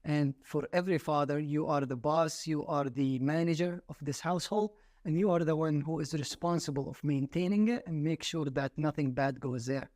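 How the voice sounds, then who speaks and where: A young man from Saudi Arabia, a podcast guest, telling a story in relaxed chat and laughing often. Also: on the high side, normal speed, few pauses. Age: 20s.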